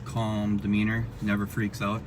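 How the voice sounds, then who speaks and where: A man's voice: on the low side, completely flat delivery, normal speed, over music. A man chatting casually while he drives, rambling and poking fun at himself as he records a vlog. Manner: rambling, chatty, self-mocking. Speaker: vlogger. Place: inside a car while driving. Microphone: dash-mounted camera. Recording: distant car mic with road noise.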